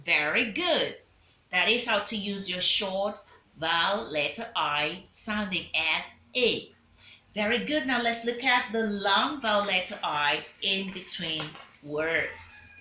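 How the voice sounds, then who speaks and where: A woman's voice: mid-range voice, expressive, slow, sharp tone, roomy sound, a little hiss or hum. A woman teaching a phonics lesson, drilling learners with call-and-response prompts. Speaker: diction teacher.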